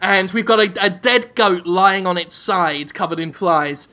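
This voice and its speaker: A man's voice: sits high, measured pace, bright, forceful tone. A man co-hosting a comedy podcast, rambling through absurd, crude scenarios. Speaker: podcast co-host.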